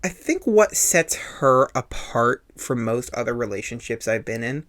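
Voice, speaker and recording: A man's voice: mid-range voice, big pitch swings, unhurried, fairly bright tone. Earnest confessional man podcasting. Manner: earnest, confessional, repeats himself for emphasis. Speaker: podcast host. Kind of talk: personal storytelling monologue.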